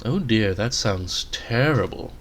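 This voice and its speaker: A man voicing an eerie, calm male bartender with a silky voice, polite and quietly mocking. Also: on the low side, normal speed, a little hiss or hum, natural voice.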